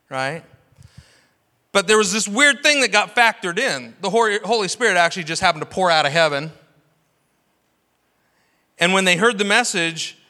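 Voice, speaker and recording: A pastor delivers a passionate sermon packed with rhetorical questions, his voice sitting high with a sharp tone. The recording, made in a church sanctuary, carries long hall reverb.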